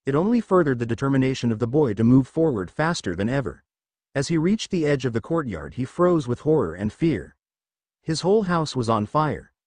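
A man reading fan fiction aloud as narrator, in a steady storytelling manner. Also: mid-range voice, a little fast, dry recording.

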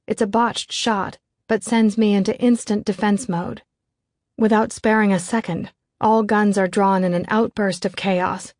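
A woman's voice: mid-range voice, steady tone, measured pace, a little mellow, no echo, studio quality. A woman reading a novel aloud in scripted first-person narration, in a tense, controlled way. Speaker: audiobook narrator.

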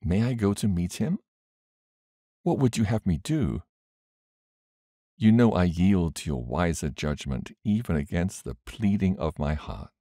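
A man's voice: low voice, animated, measured pace, long pauses, dark tone, dry recording, studio quality. A man reading aloud and voicing a young woman in an audiobook, pleading and eager. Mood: yielding.

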